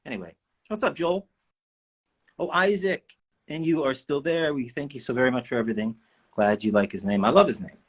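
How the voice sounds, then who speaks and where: Husky and mid-range, the man talks briskly but pauses often while signing autographs for fans on a livestream. He's a voice actor, and the chat is light and jokey. The setting is an indoor room.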